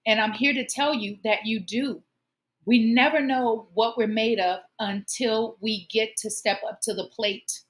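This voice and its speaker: Woman host, fairly high voice, heartfelt encouraging monologue, earnest delivery. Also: steady tone, unhurried. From Omaha, United States. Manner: earnest, encouraging, emotional at times. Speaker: show host.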